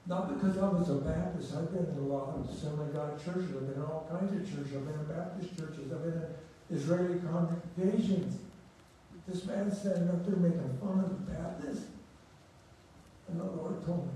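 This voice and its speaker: Older male preacher, mellow, storytelling sermon, recorded from afar in a roomy hall. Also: on the high side, normal speed. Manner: storytelling, conversational, laughs at own stories. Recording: echoey room, distant mic, faint hum.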